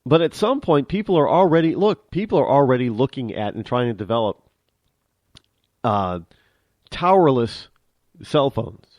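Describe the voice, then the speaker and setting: A man holds forth on his talk show in an unscripted monologue. His pitch swings widely as he presses his points, and he often doubles back and repeats words mid-thought. The voice is mid-pitched and recorded close and dry, with no room sound. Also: animated, moderate pace, long pauses, a little mellow, dry recording. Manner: conversational, emphatic, frequent restarts and repeated words. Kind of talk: opinionated monologue.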